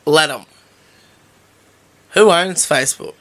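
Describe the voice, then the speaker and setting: A man's voice: fairly high pitch, slow, fairly bright tone. A man, co-hosting a podcast, teasing and joking in casual banter. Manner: joking, teasing, laughs a lot. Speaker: podcast co-host. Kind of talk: casual banter on a live show.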